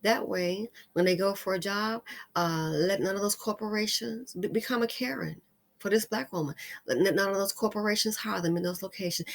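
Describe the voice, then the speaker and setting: An emphatic woman hosts her own opinion commentary. Her voice is bright and forceful. She sounds upset and emotional, and at times she drops into a weary, quiet tone. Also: mid-range voice, fairly quick. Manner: emphatic, heated, sometimes drops to a weary hush. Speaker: commentary channel host.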